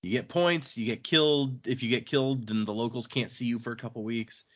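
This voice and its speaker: A man hosts a podcast, loosely retelling a story's chapters. He talks at a middle pitch, rambles with fillers and asides, and sounds casual. The recording is a bit dull and lo-fi. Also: steady tone, a little fast, fairly bright tone. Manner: rambling, with fillers and laughs, acting out quotes. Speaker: podcast host. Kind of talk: casual book recap.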